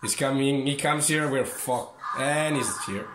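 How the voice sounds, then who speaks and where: A man giving excitable, swearing commentary over a horror game. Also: medium pitch, measured pace, hardly any pauses, roomy sound, faint music behind. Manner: excitable, swearing, yelps and laughs. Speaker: gaming streamer. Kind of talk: casual gameplay commentary.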